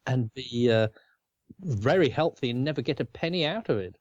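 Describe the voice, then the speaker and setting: A man's voice: medium pitch, expressive, moderate pace, darkish tone, lo-fi sound. A man with an Australian accent co-hosting a casual chat, rambling and chuckling often. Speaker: co-host.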